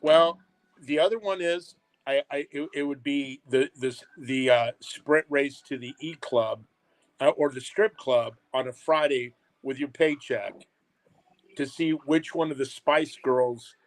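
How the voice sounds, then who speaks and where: A man appearing as a podcast guest, answering in a halting way with many fillers. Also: on the high side, low-quality recording. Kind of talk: casual chat.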